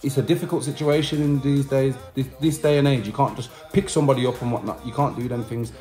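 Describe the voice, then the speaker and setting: A vlogger and musician with a mellow, medium-pitched voice keeps a steady tone and a quick pace over soft background music. He talks to his subscribers, telling a personal story to camera in a chatty, repetitive style with slang thrown in.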